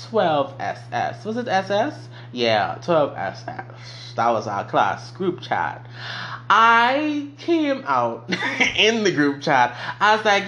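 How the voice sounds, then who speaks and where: A young man casually telling a personal story on his vlog, profane and animated. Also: on the high side, a little hiss or hum. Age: young adult. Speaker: vlogger.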